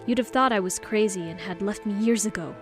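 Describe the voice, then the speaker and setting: A woman's voice: medium pitch, brisk, music in the background, natural voice. A woman voicing an anguished, tearful young trans man confessing to his boyfriend in an audiobook. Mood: sarcastic. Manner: emotional, pleading and tearful.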